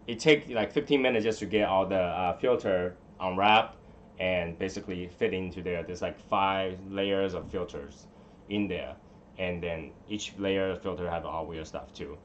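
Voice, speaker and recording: A man's voice: low voice, fairly even intonation, normal speed, dull audio, a little hiss or hum. A man hosting a casual live stream, rambling and muttering to himself as he fiddles with his settings in a room at home. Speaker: livestream host.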